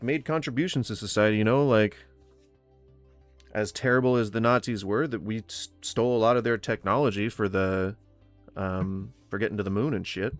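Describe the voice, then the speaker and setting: A man from Florida chats loosely on a livestream in a low, close, dry voice. He rambles, stumbles over his words and swears bluntly. Faint music plays behind him. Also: dry recording. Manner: rambling, many fillers and restarts. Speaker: livestream host. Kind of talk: casual livestream chat.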